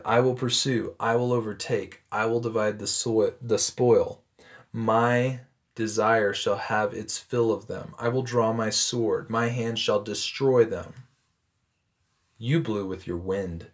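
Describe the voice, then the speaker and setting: A man reading a Bible passage aloud and stopping to explain it in a relaxed, conversational way, with frequent ums and self-corrections. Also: lowish voice. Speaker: Bible teacher. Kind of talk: scripture reading with commentary.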